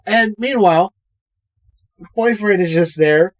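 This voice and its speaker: A man co-hosting a podcast, chatting casually and profanely about a movie and acting out the characters' lines. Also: high-pitched. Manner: profane, acts out characters with quick voices. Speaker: podcast co-host. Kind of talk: casual movie review chat.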